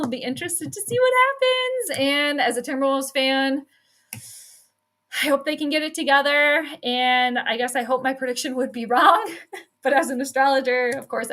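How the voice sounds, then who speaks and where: A woman talks casually to her stream viewers from her home workspace. Her voice sits a little high and sounds bright. She chats loosely, laughs often and leans on "like" as she goes. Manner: chatty, laughs often, says "like" a lot. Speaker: sports astrology streamer. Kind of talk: casual live-stream chat.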